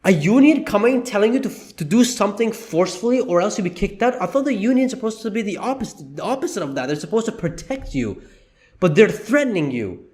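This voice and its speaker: High-voiced, worked-up male commentator. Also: animated, fast, few pauses, darkish tone. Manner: indignant, worked up, exclaiming. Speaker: commentary vlogger. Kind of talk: opinion commentary.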